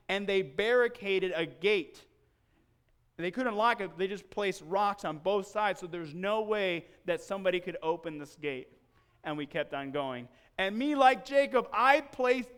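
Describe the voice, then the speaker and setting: Male pastor, animated storyteller, resonant, high-pitched. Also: clean tone. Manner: animated storyteller acting out scenes. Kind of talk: sermon with personal storytelling. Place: church.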